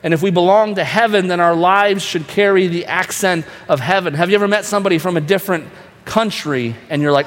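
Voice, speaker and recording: A man's voice: high voice, a little fast, fairly bright tone. Preaching man in a reverberant hall. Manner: earnest preaching with rhetorical questions. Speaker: pastor. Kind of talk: sermon.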